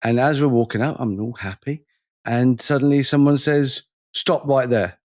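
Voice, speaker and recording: Animated man telling a story. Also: mid-range voice, normal speed, no room sound, clean studio sound. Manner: animated storyteller, acts out the people in his stories. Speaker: podcast co-host. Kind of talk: casual podcast chat.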